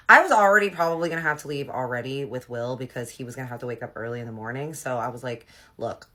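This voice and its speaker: A woman telling a personal story in a casual, animated way, swinging between loud outbursts and soft asides. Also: very deep voice, fast, hardly any pauses.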